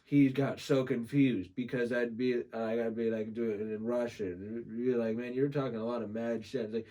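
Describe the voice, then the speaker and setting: A man on a podcast as a guest, telling a story in a casual, animated way, laughing and swearing freely. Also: medium pitch, moderate pace, few pauses.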